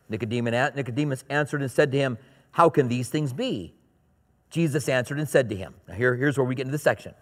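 A pastor delivering a sermon, reading scripture aloud and then explaining it in casual asides. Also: male voice, medium pitch, fast talker, big-room sound.

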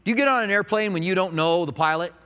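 High, bright-voiced male pastor preaching. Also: quick pace, smooth, long reverb tail. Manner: animated, joking asides, mimics voices. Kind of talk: sermon. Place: church sanctuary.

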